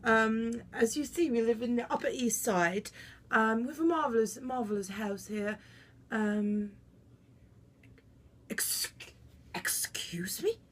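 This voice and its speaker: A woman performs a pompous, theatrical high-society lady who claims French roots. Her fairly high, husky voice leaps all over the place, from sudden indignant shouts down to breathy, conspiratorial whispers. She is imperious and thin-skinned throughout. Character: haughty melodramatic socialite woman, self-styled French heritage. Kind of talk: comic character monologue.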